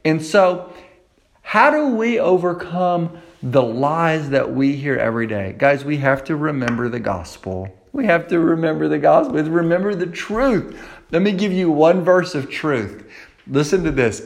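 A man's voice: a little high, a little slow. A man preaching a conversational sermon as a youth pastor, repeating key phrases for emphasis.

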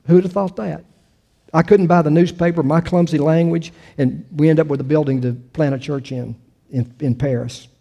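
An older man delivering a sermon in a loose, conversational way, often restarting his sentences and asking the listeners questions. His voice sits a little high for a man and has a mellow, warm tone. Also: steady tone, normal speed, gravelly, highs cut off. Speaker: pastor.

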